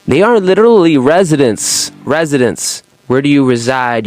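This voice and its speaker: A young man giving an intense, profane spiritual monologue to his viewers, swinging between fast ranting and slow, emphatic lines. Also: on the high side, expressive. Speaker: spiritual content creator.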